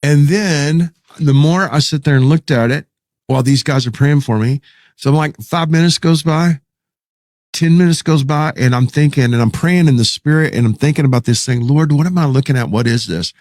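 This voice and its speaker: A middle-aged man telling a story in a folksy, animated way, acting out what he said at the time. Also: on the high side, normal speed, dry recording, studio quality. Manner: folksy, animated, quotes himself. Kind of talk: casual storytelling.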